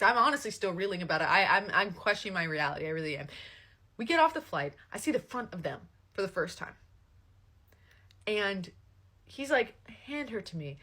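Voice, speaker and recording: A young woman casually telling a story, swearing often and quoting the people in it with voices. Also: on the low side. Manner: animated, swears a lot, quotes people in voices.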